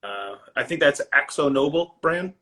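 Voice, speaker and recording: Middle-aged man, Maine accent, bright voice, rambling casual guest who laughs a lot. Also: a little high, lively intonation, normal speed. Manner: rambling, laughs often, many fillers. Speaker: guest, finisher. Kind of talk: casual chat.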